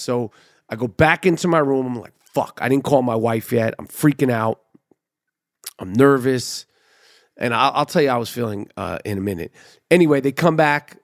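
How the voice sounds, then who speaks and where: A man's voice: medium pitch, no echo, clean studio sound. A man hosting his own podcast, retelling a story casually and profanely, acting out the dialogue. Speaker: podcast host.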